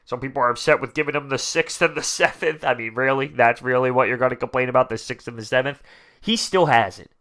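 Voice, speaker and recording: A man's voice: medium pitch, brisk. Guy vlogging about football, pumped up and emphatic, medium voice, says stuff twice for effect. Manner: animated, emphatic, repeats lines for effect. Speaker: sports vlogger. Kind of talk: excited fan commentary.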